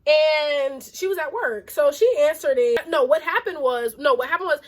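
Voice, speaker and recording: A young adult woman vlogger telling a casual storytime, animated and exasperated, with lots of "like" fillers. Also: high voice, normal speed. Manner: animated and exasperated, heavy use of "like".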